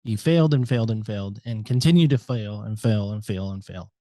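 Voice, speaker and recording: A man quoting his gruff older father, a former Marine, in an everyday voice close to his own. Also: fairly low pitch, brisk, mellow, dry recording, close to an everyday voice. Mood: earnest.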